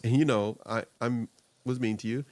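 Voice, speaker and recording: This is a man in middle age hosting a talk show in a loose, rambling way, often laughing and acting out what others said. His voice sits at an ordinary male pitch. The sound is close and dry, with no room echo. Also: normal speed. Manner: rambling, animated, laughs often, acts out quotes. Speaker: show host. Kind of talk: casual talk-show chat.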